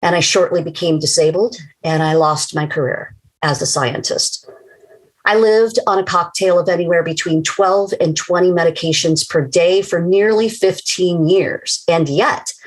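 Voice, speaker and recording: A woman's voice: on the low side, poor audio. An older woman telling her personal story in an earnest, emotional way, as a scripted testimony.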